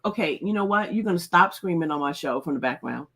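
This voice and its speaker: A woman's voice: lowish voice, animated, fast talker, crowd noise. A middle-aged woman hosting a casual live stream, chatty and laughing often as she greets viewers by name. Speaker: host.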